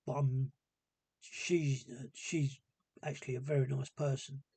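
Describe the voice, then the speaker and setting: Man, vlog monologue, very husky rasp, mellow dark tone, hesitant, dry close sound. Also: mid-range voice, flat delivery, a little slow, no room sound. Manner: hesitant and rambling, many ums. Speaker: vlogger. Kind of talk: casual personal monologue.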